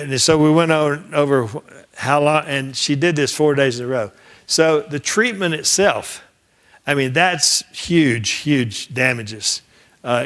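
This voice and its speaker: An older man lecturing a class like a trial lawyer swapping war stories. He talks in a loose, conversational way, slips into the voices of the people in his cases, and often stops and restarts mid-sentence. His voice sits at an ordinary middle pitch. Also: fairly bright tone. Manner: conversational storyteller who acts out quoted dialogue; frequent restarts and repeated words. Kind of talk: anecdotal lecture.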